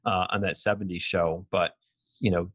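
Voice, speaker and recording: A man's voice: low voice, level tone, normal speed, fairly bright tone, slightly rough, no echo. A man co-hosting a podcast, talking casually in a rambling way and laughing often. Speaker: podcast co-host. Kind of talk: casual chat.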